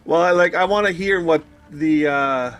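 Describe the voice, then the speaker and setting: A man playing in a tabletop game, talking in a hesitant, halting way. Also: on the high side, a bit bright, clear, resonant tone, soft background music. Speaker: player. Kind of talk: casual tabletop play.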